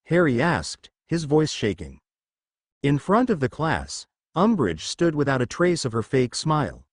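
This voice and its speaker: Animated man reading a story. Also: mid-range voice, unhurried, no room sound, clean studio sound. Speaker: narrator. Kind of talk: scripted fan fiction narration.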